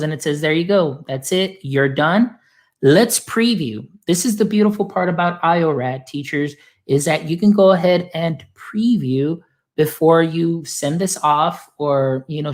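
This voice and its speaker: A man who works with teachers, giving an upbeat, chatty screen-share tutorial full of filler phrases. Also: on the high side. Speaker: guest demonstrating software; educator supporting teachers.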